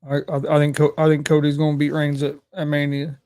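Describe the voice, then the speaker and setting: A young man co-hosting a casual sports talk show, halting and repeating himself as he starts his sentences. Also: a little high, completely flat delivery, warm tone. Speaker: co-host.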